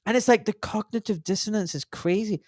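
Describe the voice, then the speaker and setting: A man's voice: high voice, brisk, crowd noise. A man in his forties, a doctor and podcast guest, telling stories bluntly and animatedly, swearing freely in casual conversation.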